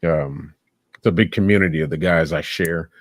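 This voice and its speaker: A man's voice: low-pitched, normal speed, no echo. A man giving blunt, sarcastic live reaction commentary, swearing freely. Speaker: streamer reacting to videos.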